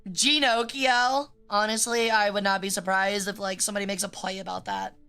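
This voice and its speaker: A woman's voice: mid-range voice, flat delivery, quick pace, fairly bright tone, clean tone, soft background music. A young adult woman streaming, chatting casually in a rambling, joking way with frequent swearing.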